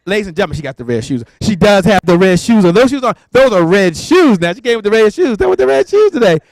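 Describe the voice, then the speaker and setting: A man's voice: sits high, sing-song, fast, darkish tone, no room sound. A man hosting a live motivational event on stage, hyping the crowd with repeated call-outs. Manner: hyped, repetitive, call-and-response. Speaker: event emcee. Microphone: handheld stage mic.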